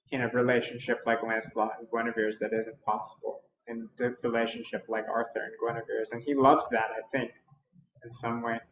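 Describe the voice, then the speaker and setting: Reflective man telling an old tale. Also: mid-range voice. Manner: reflective, unhurried, thinking aloud. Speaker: storyteller. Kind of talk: spontaneous oral storytelling. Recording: roomy, dull lo-fi recording.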